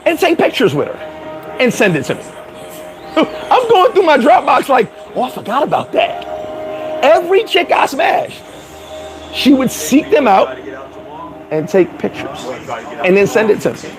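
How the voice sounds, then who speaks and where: A man hosting a casual livestream, laughing often, talking in slang and giving shout-outs to viewers. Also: very high-pitched, wildly swooping pitch, measured pace, long pauses, over music, rough recording. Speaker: livestream host. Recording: crowd chatter behind.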